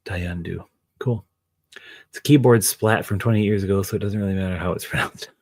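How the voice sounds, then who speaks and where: A man's voice: fairly low pitch, fairly even intonation, fast talker, darkish tone, no echo. A middle-aged man streaming his miniature painting, chatting in a rambling way with his viewers and his dog. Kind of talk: casual live-stream chat.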